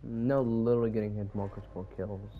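A man's voice: on the low side, steady tone, a little fast, narrow, tinny audio, a little hiss or hum. A man giving casual commentary while playing a shooter, often bursting out in frustration and swearing. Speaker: gamer.

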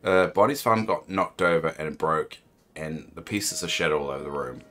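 A man's voice: extremely low pitch, moderate pace, fairly bright tone, soft background music, voice pushed down. Woody, a man doing a folksy cowboy toy drawl. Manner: drawling put-on cowboy twang. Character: folksy male cowboy toy sheriff, friendly. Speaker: streamer reading game dialogue in character.

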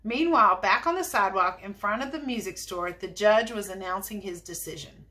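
A woman teacher reading a chapter book aloud, in an expressive, lively way. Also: medium pitch, fairly quick. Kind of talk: storybook read-aloud.

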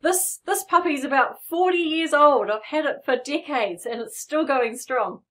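Her voice is high and fairly bright, moving at a moderate pace. A middle-aged woman, she gives a playful, encouraging piano lesson, playing to show the rhythms she's explaining while piano music sounds in the background.

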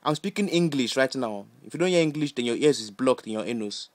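A man playing a bossy, scolding Nigerian uncle who fires off rapid, repetitive insults in comic banter. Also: mid-range voice, lively intonation, natural voice. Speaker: comedy character.

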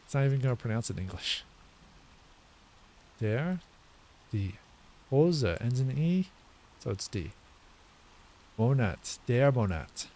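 Practicing a language he's learning, a man thinks aloud in casual commentary, guessing at words and correcting himself as he sounds them out. His medium-pitched voice is very animated yet slow, with long pauses and a slightly mellow quality.

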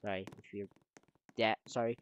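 A teenage boy giving casual, rambling gameplay commentary, with sudden loud outbursts and voice cracks. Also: lowish voice, little pitch movement, moderate pace. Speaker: gaming video creator. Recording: noisy home mic recording.

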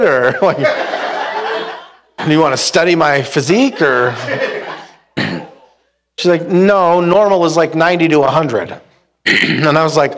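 A young male pastor preaching to a church congregation, telling a story in a lively, comic way. His voice sits a little higher than most men's, and he acts out the dialogue with bursts of laughter. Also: a little slow, long pauses. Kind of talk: storytelling sermon. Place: church hall with live congregation.

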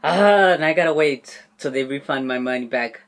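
A man's voice: a little high, normal speed, fairly bright tone. A man ranting casually to camera as a vlogger, swearing freely and laughing often. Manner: profane, indignant, laughs often. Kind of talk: casual vlog rant.

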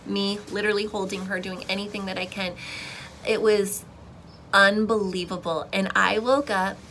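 A young woman sharing a personal faith testimony in casual, expressive storytelling, with emotional swings and frequent restarts. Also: mid-range voice, normal speed, slight background noise, poor audio.

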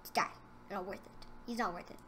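A woman doing casual gameplay commentary for her gaming channel, excitable and trash-talking her opponents, then dropping into mumbled asides. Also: medium pitch, quick pace, slight background noise.

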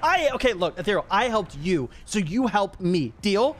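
A young man commentates a match in a high, bright voice, quick to excitement and laughter as he talks at the players. A faint hiss of noise sits under his voice. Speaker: gaming YouTuber. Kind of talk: gameplay commentary.

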